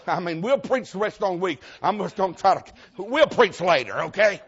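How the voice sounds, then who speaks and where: A Georgia preacher, a man with a thick Southern accent, spins a folksy, self-mocking story from the pulpit, laughing through his lines. His voice sits high and husky and swings all over the place. The recording is dull and lo-fi. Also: animated, normal speed, a bit bright. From Georgia, USA. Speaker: visiting preacher. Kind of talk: humorous storytelling sermon.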